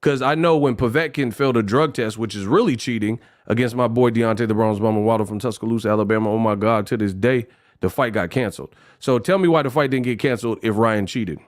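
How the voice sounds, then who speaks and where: A man hosting a casual livestream, talking in a lively way, rapping short rhymes and reading donation messages aloud. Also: medium pitch, fast talker. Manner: animated, freestyles rhymes, reads donations aloud. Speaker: livestream host.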